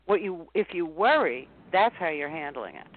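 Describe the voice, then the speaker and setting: A woman speaking as a guest coach in an interview, animated, acting out a panicked inner voice with big pitch jumps. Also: moderate pace. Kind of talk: interview conversation. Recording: tinny phone-line sound.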